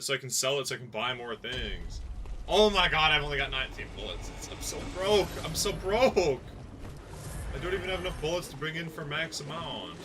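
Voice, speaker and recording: A man commentating his own gameplay as a streamer, swinging from excited yelling to sarcastic grumbling. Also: on the high side, noisy background. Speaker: gaming streamer. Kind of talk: let's play commentary.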